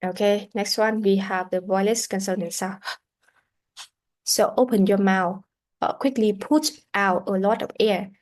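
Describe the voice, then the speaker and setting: A woman teaching English pronunciation in a classroom lesson, explaining deliberately and often restarting her sentences. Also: mid-range voice, steady tone, a little mellow.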